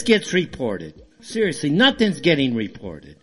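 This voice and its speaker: A man's voice: fairly high pitch, wildly swooping pitch, unhurried, few pauses, slightly rough, faint music behind. A man hosting a call-in talk show, ranting in a heated, fired-up way. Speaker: radio show host.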